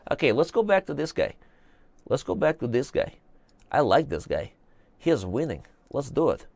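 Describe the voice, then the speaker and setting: A man voicing Uncle Sasha, a joking older Russian chess commentator, in a mock Russian accent and broken English, muttering quietly. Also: mid-range voice, sing-song, normal speed, vocal fry, no room sound. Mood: amused.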